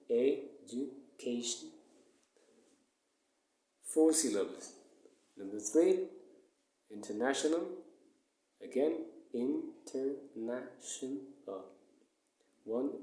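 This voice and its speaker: A male English teacher giving a recorded lesson, who explains slowly, repeats words and counts syllables aloud. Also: fairly low pitch, dark tone. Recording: echoey room.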